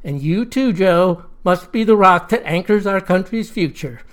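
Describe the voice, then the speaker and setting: A man's voice: sits high, animated, normal speed, a bit bright. Narrator doing a bragging old boss man, folksy and full of himself. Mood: smug. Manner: boastful, folksy. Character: smug self-important older male leader.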